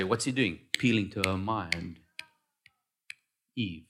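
A man preaching a sermon, swinging between loud declarations and quiet asides. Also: sits low, slow, pauses often, noisy background. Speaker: pastor.

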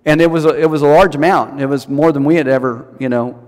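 A man's voice: on the high side, fast, a little mellow, big-room sound. A man preaching a sermon as pastor, telling stories and repeating key lines for emphasis. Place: church service.

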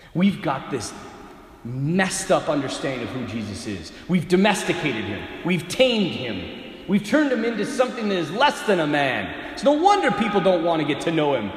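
A man delivers a dramatic sermon, his voice high for a man and swinging widely in pitch. He moves from loud bursts down to near whispers. Everything rings with the long reverb of a large hall. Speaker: preacher.

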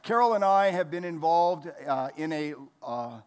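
A man's voice: a little high, expressive, a little slow, a crowd in the background, background noise. A man in his sixties, from the United States, preaching a folksy, joking sermon as a pastor in a church hall.

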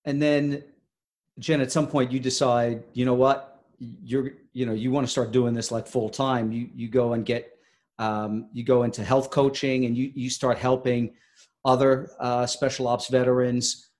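A man's voice: medium pitch, level tone, darkish tone. A man hosting an interview, asking long questions full of restarts and fillers. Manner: rambling, halting questions. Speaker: host. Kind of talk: conversational interview.

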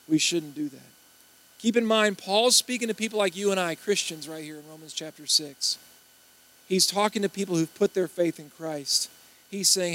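Male preacher, higher-pitched voice, storytelling delivery that acts out the people he quotes. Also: moderate pace, sharp tone, poor audio. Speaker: pastor. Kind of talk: sermon.

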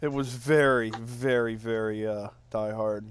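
A man's voice: mid-range voice, steady tone, a little slow, a little hiss or hum. A man co-hosting a casual movie podcast, laid-back and joking. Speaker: podcast co-host.

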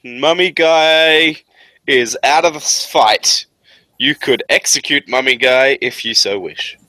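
A man running a tabletop game as game master, describing scenes in a halting way with many fillers. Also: mid-range voice, sharp tone, no room sound.

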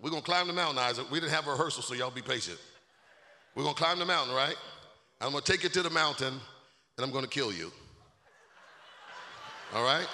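A male pastor preaching a sermon with call-and-response, swelling into shouts. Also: fairly high pitch, a little hiss or hum. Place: church sanctuary. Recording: echoey hall.

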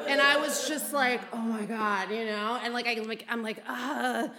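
Woman, stand-up comedian, high pitch, bright sharp tone, animated filler-heavy storytelling, roomy echo. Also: a little slow. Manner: animated, breathless anecdote full of fillers.

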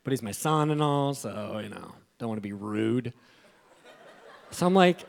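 A man's voice: normal speed, creaky, pauses often. A man in his thirties giving a devotional talk, telling a family story with laughter and rising emotion. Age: 30s. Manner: animated, laughing, voice climbing high when moved. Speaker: speaker.

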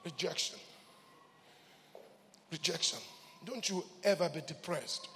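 A man preaching a sermon as pastor in a church, swinging from hushed lines to shouts and repeating key words. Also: sits high, normal speed, in a large hall.

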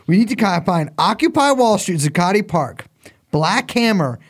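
An American man co-hosting a comedy podcast, joking around and cursing. His pitch jumps all over the place as he riffs. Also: big pitch swings, moderate pace. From United States. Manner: jokey, swearing, riffing. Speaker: podcast co-host. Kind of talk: loose comedic banter.

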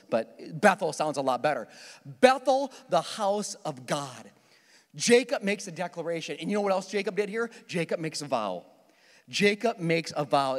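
Animated preacher in an echoing church. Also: male voice, high voice. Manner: animated storytelling, acting out his own panicked prayers. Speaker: pastor. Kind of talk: sermon with personal story. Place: church auditorium. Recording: long hall reverb.

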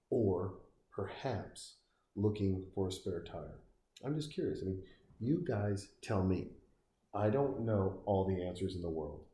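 A man with a very deep, mellow voice delivers profane, sarcastic commentary that rambles from one jab to the next. He is recorded in a roomy space with a noticeable echo. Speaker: commentator reacting to a film.

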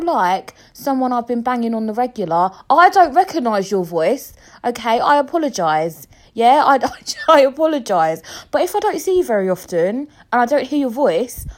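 A woman talks casually on a podcast. She is chatty and cheeky, swears freely and mimics other people's voices. Her pitch swings up and down a lot. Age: 20s. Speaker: podcast host. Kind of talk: casual chat.

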